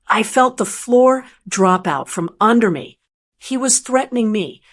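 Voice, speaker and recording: A woman's voice: on the high side, animated, unhurried. A woman narrating a first-person story in a tense, dramatic manner.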